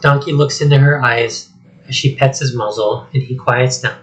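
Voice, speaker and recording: A man's voice: mid-range voice, fairly even intonation, normal speed, low-quality recording. A young man reading stage directions aloud, plain and matter-of-fact. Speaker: script reader.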